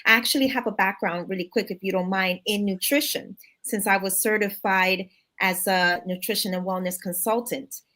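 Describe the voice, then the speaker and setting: A woman's voice: medium pitch, steady tone, normal speed, sharp tone. A woman, a self-discovery and empowerment coach, introducing her work earnestly as a guest on a live show.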